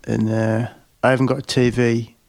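A man co-hosting a casual podcast, joking deadpan and swearing. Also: medium pitch, moderate pace, gravelly. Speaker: podcast co-host. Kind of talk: casual chat.

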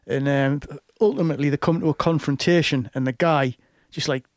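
A man's voice: fairly high pitch, fairly even intonation, a little fast, no echo, clean studio sound. A man telling a long film story in a casual chat, rambling with many fillers and restarts.

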